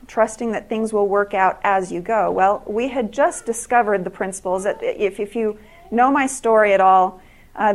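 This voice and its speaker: A middle-aged woman speaking to an audience in an earnest, storytelling way. She stops and restarts often as she gathers her thoughts. Her voice sits at a medium pitch. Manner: earnest, halting, many restarts. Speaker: speaker giving a talk.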